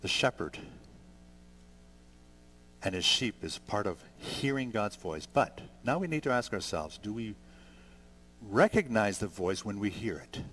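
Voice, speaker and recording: A man in his sixties preaching a sermon, conversational and gentle, building to emphatic peaks. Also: on the low side, expressive, a little slow, pauses often. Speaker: pastor.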